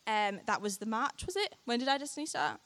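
A young adult woman, telling a personal testimony to a church audience in an animated way, often laughing. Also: fairly high pitch, a little fast. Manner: animated storytelling, frequent laughter, acts out quoted lines. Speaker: speaker sharing a testimony.

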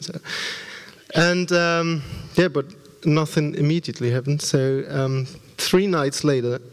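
A man telling his side of a church testimony, hesitant with frequent ums. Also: a little high. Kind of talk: storytelling testimony. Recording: reverberant hall.

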